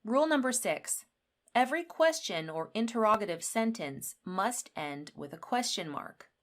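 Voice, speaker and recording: A woman teaching an English grammar lesson. She explains rules clearly and acts out the example sentences. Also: medium pitch, lively intonation. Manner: slow, clearly spelled-out teaching.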